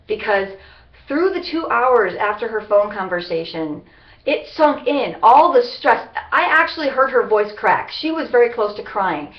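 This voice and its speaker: A woman rambles to her camera in a personal vlog, halting and circling back as she talks. Her voice sits a little high. The sound is roomy and muffled, like a cheap webcam in a bare room. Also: expressive. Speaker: vlogger.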